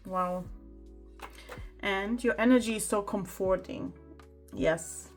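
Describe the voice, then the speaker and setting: A woman's voice: medium pitch, takes it slowly, soft background music. Chatty woman tarot reader. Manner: chatty, exclaiming over the cards. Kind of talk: pick-a-card tarot reading.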